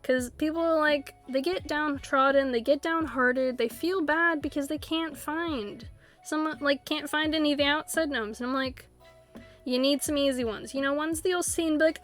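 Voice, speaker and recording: A woman's voice: sits high, moderate pace, fairly bright tone, soft background music. A woman streaming a video game, chatting casually with her viewers and laughing often as she rambles. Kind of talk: casual live-stream chat while playing.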